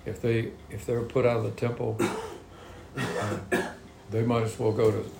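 A man's voice: medium pitch, level tone, normal speed, gravelly, background noise. A man leading a Bible study, reading verses aloud and explaining them in plain, conversational talk. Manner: reads scripture then explains it in plain talk. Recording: echoey room with faint ambience.

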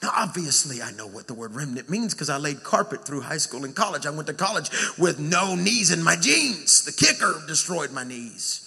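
A man preaching a revival sermon, moving from hushed storytelling to shouted, sing-song exhortation. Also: fairly high pitch, sing-song, normal speed, vocal fry, hardly any pauses, slightly rough, long reverb tail.

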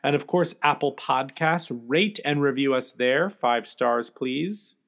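A man's voice: mid-range voice, expressive, unhurried, creaky, a bit bright. A man co-hosting a casual podcast chat, hesitant and full of fillers and restarts. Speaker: podcast co-host.

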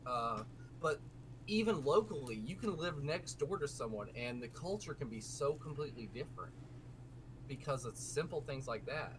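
A man's voice: medium pitch, animated, moderate pace. A man from the American South, hosting a casual gaming podcast, talking animatedly and digressing with frequent restarts. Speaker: podcast host. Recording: faint background noise.

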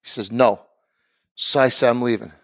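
A man's voice: on the high side, big pitch swings, brisk, slight background noise. A middle-aged man telling a heated story on a podcast, acting out both sides of the conversation. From Italian heritage. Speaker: podcast co-host, barbecue business owner. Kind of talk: animated storytelling rant.

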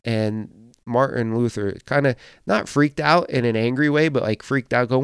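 A man's voice: medium pitch, moderate pace, vocal fry, clear, resonant tone, no room sound, clean studio sound. A man preaching a sermon in an earnest, emphatic and encouraging way.

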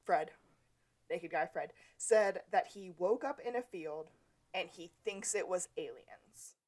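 A woman's voice: lowish voice, expressive, slow, darkish tone. A woman co-hosting a podcast in casual chat, rambling in a friendly way and talking straight to the listeners. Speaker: podcast co-host.

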